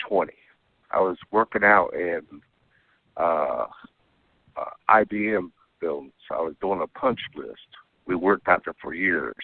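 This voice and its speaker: A man with a very deep voice tells a long personal story in a casual, rambling way, tagging lines with "okay?". He comes through a narrow, tinny phone line. The sound is dry and close. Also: no echo. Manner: rambling, keeps adding "okay?". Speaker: caller telling an alien abduction story.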